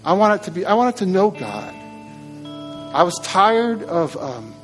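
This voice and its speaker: High-voiced earnest male pastor preaching. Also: very animated, measured pace, fairly bright tone, faint music behind. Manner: earnest, conversational, with frequent restarts. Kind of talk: sermon. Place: church.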